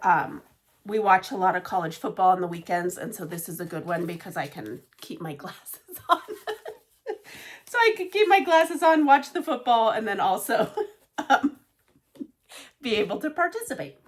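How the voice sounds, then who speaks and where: A woman's voice: medium pitch, very animated, normal speed. A woman casually chatting about her cross-stitch projects, rambling with many fillers and side remarks. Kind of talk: casual show-and-tell chat.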